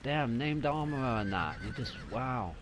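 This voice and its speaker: A man giving casual, excitable live commentary while streaming a video game. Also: mid-range voice, moderate pace, noisy background.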